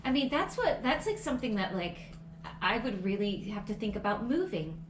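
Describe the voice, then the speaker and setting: A woman's voice: mid-range voice, big pitch swings, fairly quick, a little hiss or hum. A woman co-hosting a podcast, talking in an earnest, indignant way, full of fillers, in casual political chat. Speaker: podcast co-host. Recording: roomy echo.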